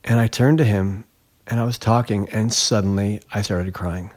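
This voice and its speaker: A man's voice: fairly low pitch, fairly even intonation, normal speed, darkish tone. A man, a glassblower and interview guest, telling a personal story in an earnest, reflective way that livens up when he retells events.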